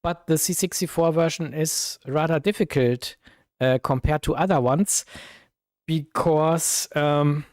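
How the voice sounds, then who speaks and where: A man with a German accent, chatting slowly while he plays old computer games on a live stream, full of fillers and sudden cries at the game. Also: fairly high pitch, a little mellow, no echo, studio quality. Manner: slow, thinking aloud with many fillers, bursts of exclaiming at the game. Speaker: retro gaming streamer. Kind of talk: casual live-stream commentary.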